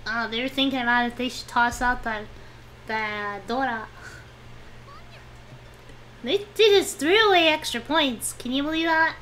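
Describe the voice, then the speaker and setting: A woman's voice: on the high side, fairly bright tone, slight background noise. A young woman streaming a game, chatting to herself about her moves in a whiny, pleading way. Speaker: VTuber streamer. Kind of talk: casual game-stream commentary.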